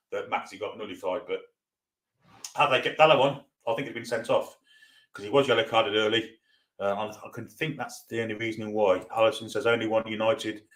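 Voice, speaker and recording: His voice is on the low side with a sharp tone. He's a Geordie from North East England, hosting a live football watchalong where he casually reads viewer comments and banters in reply.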